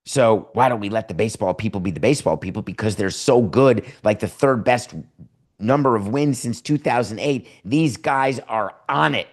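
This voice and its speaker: A man's voice: lowish voice, normal speed. Sardonic man hosting a sports show. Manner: sardonic, mocking impressions of owners. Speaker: podcast host. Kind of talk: sarcastic sports commentary. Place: home studio.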